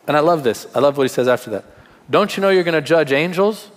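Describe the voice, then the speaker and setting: A man's voice: a little high, expressive, fast talker, big-room sound. A male pastor giving a sermon in a conversational way, with rhetorical questions and humor.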